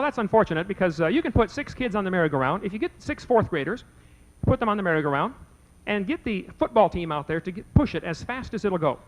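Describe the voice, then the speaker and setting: In a rough recording, a man with a high voice tells a live audience a folksy story during a debate. He acts out both halves of the conversation himself.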